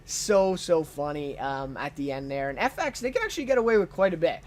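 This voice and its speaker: A man's voice: fairly high pitch, big pitch swings, brisk. A man giving a casual unscripted TV show review, enthusiastic and full of ums and uhs.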